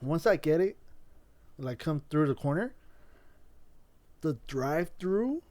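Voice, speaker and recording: A man's voice: fairly high pitch, animated, takes it slowly, mellow. A man hosting a casual podcast, telling a rambling story with lots of swearing and restarts. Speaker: podcast host.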